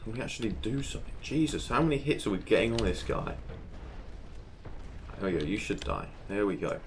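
Low-voiced man narrating his gameplay. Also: brisk, background noise. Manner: chatty, talks to himself while playing, excitable exclamations. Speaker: gaming channel host. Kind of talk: casual gameplay commentary.

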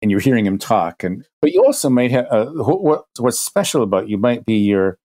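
A man's voice: mid-range voice, sing-song, a little fast, mellow. A man, a guest expert on a podcast, explaining ideas through hypothetical examples, thinking aloud with frequent restarts.

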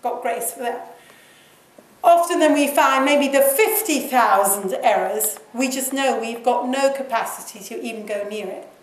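A woman preaching to a church, talking conversationally and softly acting out short prayers. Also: fairly high pitch, normal speed, hardly any pauses. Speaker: guest speaker. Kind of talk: sermon. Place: church hall. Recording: echoey hall from far off.

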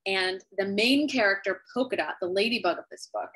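A woman speaking as an author, telling a heartfelt personal story to camera over a video call, earnest and unhurried with thoughtful pauses. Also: medium pitch, fairly bright tone, rough recording. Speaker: author sharing her story.

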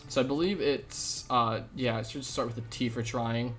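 A man's voice: mid-range voice, steady tone, normal speed, fairly bright tone, soft background music. A man live-streaming a video game, chatting casually with viewers in an upbeat, slangy way into a desk microphone. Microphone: desk USB microphone.

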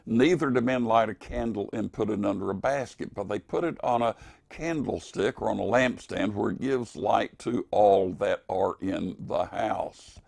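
An older man preaching an evening devotional in a slow, earnest, emphatic way. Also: lowish voice, gravelly, darkish tone, dry recording.

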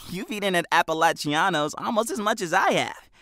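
A man's voice: high voice, expressive, fairly quick, bright, forceful tone, no echo, studio quality, voice pushed up, heavily acted. A man doing a joking, theatrical teen boy. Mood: playful. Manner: playful, mock-formal. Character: joking, theatrical young teen best friend.

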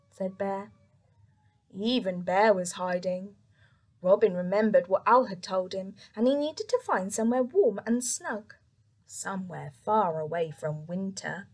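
A young woman reading a picture book aloud to children, soft and expressive, with whispered asides. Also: mid-range voice, measured pace. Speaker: children's story reader.

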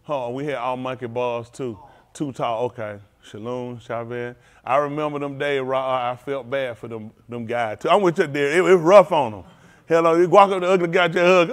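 A pastor with a fairly high voice preaches animatedly at a quick pace. His talk is loose and jokey, full of playful teasing in drawling street slang.

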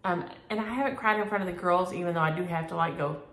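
A middle-aged woman, chatting homey and warmly to her viewers about stitching and mail. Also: fairly low pitch, fast talker. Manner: homey, chatty, uses y'all. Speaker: flosstube host. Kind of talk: casual chat to camera. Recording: echoey room.

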